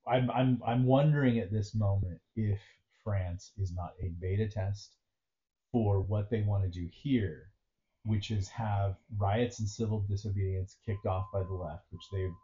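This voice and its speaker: A man's voice: lowish voice, steady tone, a little slow, dark tone. A man co-hosting a podcast, talking casually and sardonically in a rambling way, sometimes slipping into mocking voices. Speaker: podcast co-host. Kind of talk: casual political chat. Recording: dull lo-fi sound with faint noise.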